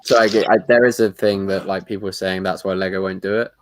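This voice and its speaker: A laid-back man in a casual online group chat. His voice is fairly low, and he agrees readily, stumbling through his thoughts with ums. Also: fairly even intonation, fast talker. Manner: agreeable, easygoing, hesitant.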